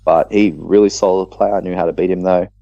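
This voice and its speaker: An Australian man, co-host of a podcast, recounting a tabletop match in casual chat with animated storytelling and quick restarts. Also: low-pitched, gravelly, no echo, muffled recording.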